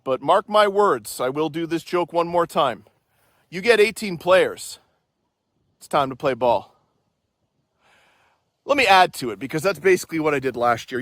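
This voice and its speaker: A man with a fairly high voice hosts a walking vlog outdoors in a park. His delivery is lively, with big swings in pitch, and he talks in a playful, joking way, coming back to his catchphrase again and again. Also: no room sound, studio quality. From Canada. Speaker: vlog host.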